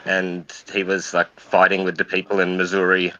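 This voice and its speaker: Man on a casual watch-along, chatty and explanatory, very bright tone, muffled lo-fi audio. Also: sits low, monotone, normal speed, slight background noise.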